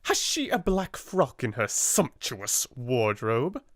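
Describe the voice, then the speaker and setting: A man playing a fierce shrill British headmistress. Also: wildly swooping pitch, takes it slowly, no room sound, clean studio sound, heavily acted. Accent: British English. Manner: harsh, commanding, sharply rising. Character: fierce, bitter middle-aged headmistress.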